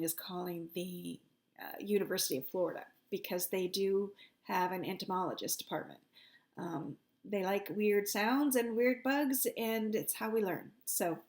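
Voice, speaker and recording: Talking casually to her viewers, a woman who works as a psychic medium stays animated and laughs frequently. Her pitch leaps upward whenever she turns indignant.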